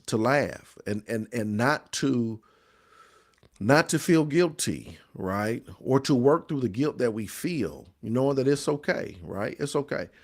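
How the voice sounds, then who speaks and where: A man's voice: mid-range voice, expressive, measured pace. A man hosting a grief support talk, reading viewer comments and answering in an emphatic, preacherly, repetitive way. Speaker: host of a grief support show. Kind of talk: live-stream talk to viewers.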